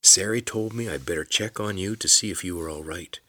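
A man's voice: deep voice, no echo, studio quality, full character voice. A man reading a kindly wise old man. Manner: soft, kindly, unhurried counsel. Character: kind wise old man, twinkling and gentle.

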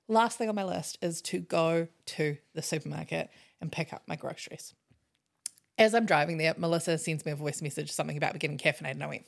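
A young woman, co-hosting a podcast and telling a story in casual, animated chat with plenty of swearing. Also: low-pitched, a little fast, vocal fry. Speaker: podcast co-host.

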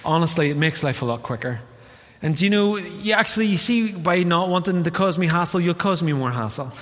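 A man with a Northern Irish accent preaching a lively, jokey sermon as pastor, acting out the quotes he tells. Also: sits high, fairly quick. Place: church hall. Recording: long hall reverb.

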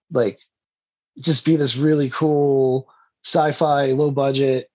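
A man's voice: mid-range voice, darkish tone, lo-fi sound. A man, an indie filmmaker, telling rambling stories in a casual interview and laughing often.

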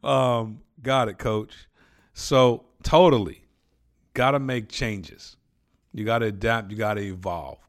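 A man's voice: fairly low pitch, steady tone, slow pace. A man interviewing a guest in an easygoing, enthusiastic way, full of praise. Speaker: interviewer, sales trainer. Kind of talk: casual interview conversation.

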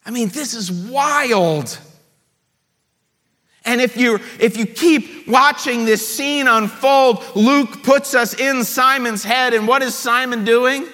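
A male pastor preaching a sermon with animated storytelling. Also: high voice, in a large hall.

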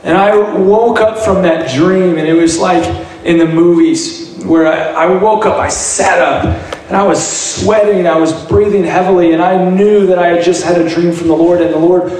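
A man tells his personal story in an earnest, halting way, often starting his words over. His voice sits a little high for a man. He is heard from a distance in a strongly echoing room with a faint hiss. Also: steady tone, a little mellow. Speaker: guest sharing testimony. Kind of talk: personal testimony. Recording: very echoey room, heard from a distance, light noise.

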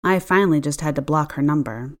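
Woman narrator, expressive audiobook read, slightly low voice, wry touch. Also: brisk. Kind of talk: first-person audiobook narration.

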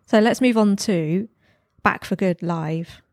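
A woman's voice: mid-range voice, slow pace, darkish tone, no room sound, clean studio sound. A woman co-hosting a casual podcast chat, enthusiastic and gushing, laughing often. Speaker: podcast co-host.

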